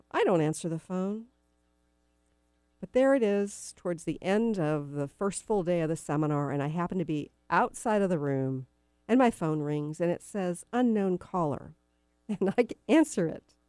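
A woman's voice: on the low side, darkish tone, clean tone, no room sound, studio quality. A middle-aged woman hosting a radio talk show, telling personal stories in a chatty, meandering way with many fillers. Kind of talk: casual storytelling on talk radio.

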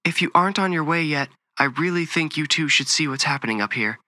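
A man voicing an adult woman ghost investigator in a horror story, talking excitedly and calling out to others. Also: mid-range voice, normal speed, no echo, voice pushed up, lightly acted. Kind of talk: audiobook horror reading.

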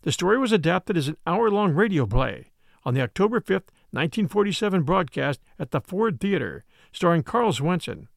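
A man reading a story aloud as an audiobook narrator, with expressive, shifting emphasis. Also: high voice, normal speed, creaky, no room sound, studio quality.

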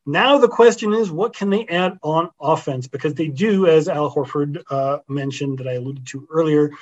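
A man on a podcast panel giving measured, opinionated sports analysis. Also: a little high. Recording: dull lo-fi mic.

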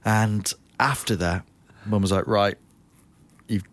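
Animated man telling stories. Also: fairly low pitch, slow pace. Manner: animated, lots of restarts and voiced quotes. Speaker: guest comedian. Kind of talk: anecdotal podcast storytelling.

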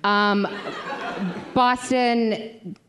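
A woman's voice: a little high, fairly even intonation, drawn-out words, a bit bright, a faint crowd, a little hiss or hum. A woman in her thirties co-hosting a podcast, wry and exasperated, often laughing through her lines in casual banter. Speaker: podcast co-host.

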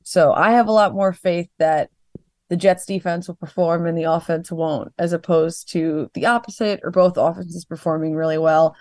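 A woman's voice: on the low side, steady tone, normal speed, a little mellow, no echo, studio quality. A young adult woman giving casual sports analysis, rambling with lots of fillers and a wry, sarcastic edge. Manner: rambling, filler-heavy with frequent "like". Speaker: guest analyst.

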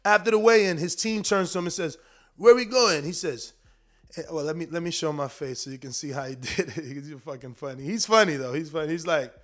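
Casting: high-pitched male streamer, fiery profane boxing rant, slangy. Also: a bit bright. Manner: heated, profane, slangy, rapid. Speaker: boxing commentator, show host. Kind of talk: casual livestream rant.

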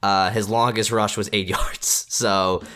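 Low-voiced man doing a mock weather report. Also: flat delivery, unhurried, pushed and bright. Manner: playful, mock-serious forecaster bits. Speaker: guest weatherman. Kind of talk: casual podcast chat.

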